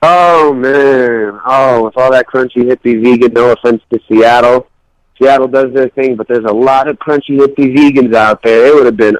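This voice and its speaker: A man's voice: mid-range voice, normal speed, no echo, rough recording. Brash, profane man on talk radio. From New York. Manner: brash, profane, blunt and opinionated. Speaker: radio show co-host. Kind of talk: casual uncensored talk radio banter.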